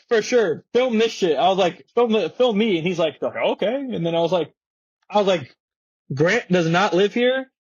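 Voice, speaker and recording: Young skater guest, high husky voice, cursing, slangy, acts out every line. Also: male voice, no room sound, dull audio. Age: young adult. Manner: profane, slangy, acts out quotes. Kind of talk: animated storytelling with quoted voices. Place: podcast studio.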